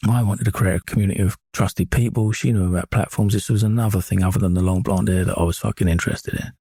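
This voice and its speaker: Husky low-voiced guy, swearing a lot while he rambles through his story, dry room. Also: fairly even intonation, quick pace, warm tone, no echo. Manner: blunt, profane, meandering with self-corrections. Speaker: narrator telling his own story. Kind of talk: unscripted storytelling monologue.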